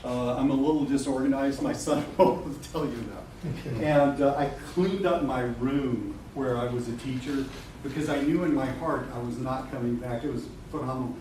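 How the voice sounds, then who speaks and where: A mellow, medium-pitched male voice at normal speed belongs to a middle-aged man giving a relaxed live webinar talk. He's open and jokey with the room, swearing and laughing frequently. The mic sits far off in a reverberant room with background noise.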